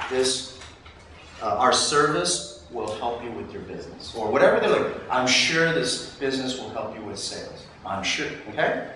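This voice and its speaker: A man's voice: a little high, measured pace. A man teaching a live sales training session in a coaching manner, acting out what salespeople and customers say. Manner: animated, coaching, acts out customer lines. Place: training room. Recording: far-off mic in an echoey room, faint noise.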